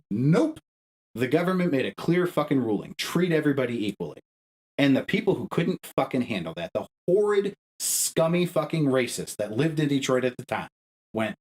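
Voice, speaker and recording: A man's voice: sing-song, normal speed, a little mellow, poor audio. A young adult man co-hosting a podcast, arguing a point with heavy swearing, his voice climbing when he gets heated. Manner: profane, emphatic, arguing with rising pitch. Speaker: podcast co-host. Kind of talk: heated casual podcast rant.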